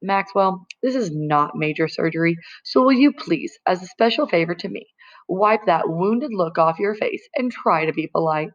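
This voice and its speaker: A woman's voice: on the low side, lively intonation, normal speed, muffled recording, natural voice. A woman voicing a proper, fussy grandmother who primly corrects her grandson, in a storybook reading. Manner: prim and correcting.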